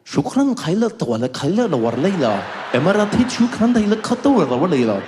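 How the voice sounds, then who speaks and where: A man's voice: high-pitched, big pitch swings, quick pace, echoey room, noisy background. A man voicing a grand male airline safety-video announcer who babbles in sing-song nonsense. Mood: grandiose. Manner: pompous, sing-song mock-language babble.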